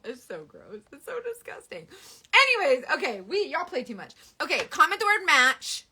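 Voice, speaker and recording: A woman's voice: high-pitched, moderate pace. A woman in her thirties chatting casually and animatedly on a live beauty stream. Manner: animated, dramatic, Southern US sayings. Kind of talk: casual chat.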